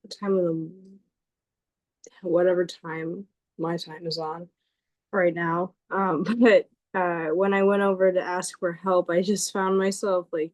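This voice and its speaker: A woman chatting on a podcast, hesitant and rambling with many pauses and fillers. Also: lowish voice, darkish tone, no echo, low-quality recording. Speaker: podcast guest. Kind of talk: casual podcast chat.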